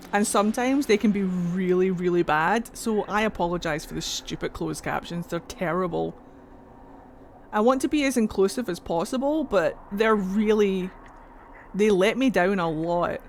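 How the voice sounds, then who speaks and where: A woman's voice: fairly low pitch, slight background noise. A Scottish woman chatting and joking playfully while she streams a video game, swearing now and then. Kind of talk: casual game commentary.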